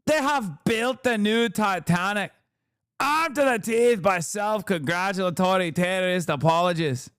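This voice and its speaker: A man doing a mocking impression of an indignant middle-aged woman pundit, speaking slowly and drawing out every outraged phrase. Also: high voice, fairly bright tone, clear, resonant tone, no room sound, clean studio sound. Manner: slow, drawn-out, outraged. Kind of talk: mocking impression during stream.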